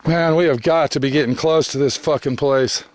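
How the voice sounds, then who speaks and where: A man's voice: on the high side, fairly even intonation, moderate pace, slight background noise. A man vlogging a long hike outdoors, tired, grumbling, cursing constantly and sighing heavily, recorded on a handheld camera. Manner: profane, grumbling, frequent heavy sighs. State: tired and weary. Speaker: hiker filming his trek. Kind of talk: casual vlog narration. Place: outdoors on a canyon trail.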